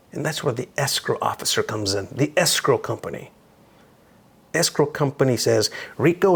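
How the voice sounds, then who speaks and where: An American man lecturing on real estate with punchy, upbeat energy. He talks straight to his students and drives key phrases home by repeating them. His voice sits at an ordinary male pitch.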